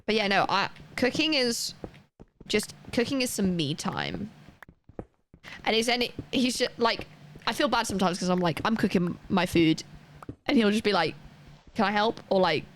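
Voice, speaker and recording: A woman's voice: mid-range voice, animated, normal speed, slight background noise. A woman streamer chatting casually and rambling to her live chat while playing, laughing often and reading chat messages aloud.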